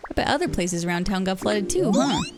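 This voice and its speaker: A woman's voice: medium pitch, big pitch swings, fast talker, noisy background, natural voice. A woman doing a breezy stray cat creature. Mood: chatty. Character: carefree stray cat creature, independent loner.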